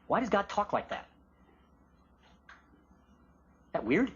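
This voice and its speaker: A man giving an animated Bible teaching and acting out the voices of biblical figures. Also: high voice, slow, breathy edge. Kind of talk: teaching sermon with acted quotes. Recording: muffled lo-fi recording of a talk.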